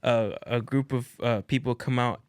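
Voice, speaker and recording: A man hosting a casual podcast, an animated storyteller who swears often and keeps saying "dude.". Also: medium pitch, normal speed, dry recording, studio quality. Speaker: podcast host.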